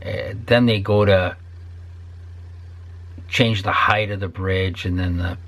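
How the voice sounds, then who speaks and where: An older guitar builder rants to his viewers in a profane vlog to camera, now and then dropping to a whisper. His low, creaky voice holds a steady tone and a fairly bright quality, and he speaks slowly.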